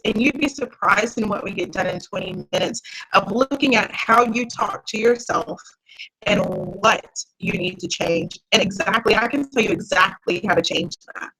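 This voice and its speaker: A woman's voice: a little high, fairly bright tone, husky, rough recording. A woman mindset coach leading a live online workshop, talking directly and encouragingly to her viewers. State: tired, yawning.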